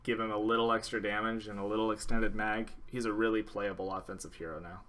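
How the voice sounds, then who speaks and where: A young man with a lowish, bright, forward voice hosts a laid-back gaming podcast. He rambles and restarts his sentences, filling pauses with ums, and he has the hiccups throughout. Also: level tone. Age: young adult. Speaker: podcast host. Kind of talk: casual gaming podcast chat.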